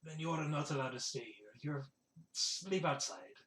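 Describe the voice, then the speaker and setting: A man's voice: a little high, normal speed, a bit bright, slight background noise, close to an everyday voice. A man voicing a bearded male village leader who keeps pushing his wares, courteous with a salesman streak. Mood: genial.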